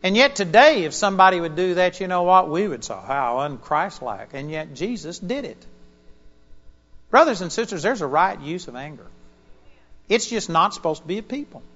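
A male pastor preaching a sermon, an animated storyteller with sudden loud bursts. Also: high voice, a little fast, highs cut off.

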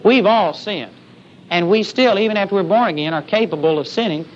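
A man's voice: high-pitched, brisk. Man, preacher, sermon, emphatic, call-and-response amens, muffled lo-fi sound. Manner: emphatic, calls out "amen?" to the congregation. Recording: dull lo-fi sermon recording with faint hiss.

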